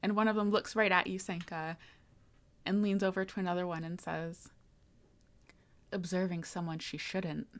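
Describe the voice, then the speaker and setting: A woman's voice: medium pitch, fairly even intonation, brisk. Easygoing woman running a tabletop game. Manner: easygoing, laughs often, many fillers. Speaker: game master.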